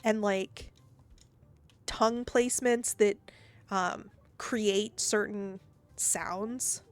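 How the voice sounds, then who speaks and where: A woman's voice: medium pitch, steady tone, very slow, clear, resonant tone. A woman streaming a game and chatting casually, rambling and laughing easily. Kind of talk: casual gaming stream chat.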